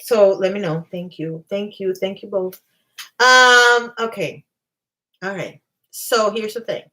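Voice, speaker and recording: A woman's voice: medium pitch, takes it slowly, sharp tone. A woman hosting a casual livestream, talking in a chatty, emphatic way and reacting to her live chat. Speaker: livestream host.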